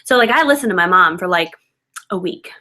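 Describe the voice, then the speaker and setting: A woman's voice: on the low side, expressive, fast, bright, forceful tone. A woman in her thirties telling her own story in casual, filler-heavy chat, self-mocking and loose. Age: 30s. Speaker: guest speaker.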